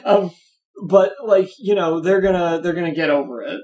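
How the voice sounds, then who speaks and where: Man, podcast co-host, wry, sarcastic, casual chat, slightly high voice. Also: moderate pace, darkish tone.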